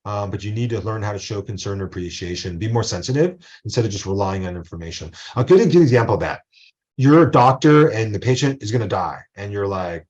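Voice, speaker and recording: A man's voice: lowish voice, animated, fast, darkish tone, muffled recording. A male college professor giving a casual online lecture, rambling into asides and acting out quotes.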